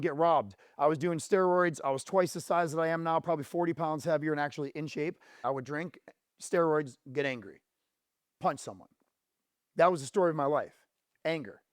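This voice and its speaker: A motivational speaker giving a keynote from a stage, telling a hard personal story and firing questions at the audience. He goes low and quiet on painful memories and turns loud and quick when he pushes the crowd. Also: no echo, studio quality. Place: conference stage.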